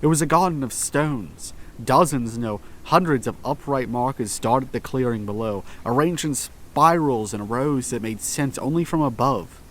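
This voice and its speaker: A man reading a first-person horror story aloud, in slow, tense scripted narration with dramatic pauses. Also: medium pitch, a bit bright, slight background noise.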